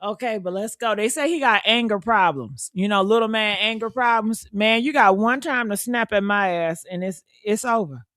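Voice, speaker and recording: Bright, expressive woman reacting out loud. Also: mid-range voice, moderate pace, few pauses, no echo, studio quality. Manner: expressive, blunt, profane, swinging from loud outbursts to muttering. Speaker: commentator reacting to a story. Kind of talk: casual reaction commentary.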